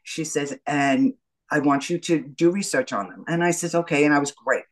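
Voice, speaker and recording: A woman's voice: deep voice, moderate pace, low-quality recording. A middle-aged woman, a guest telling her story in an interview and acting out the dialogue. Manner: animated storyteller, acts out the dialogue.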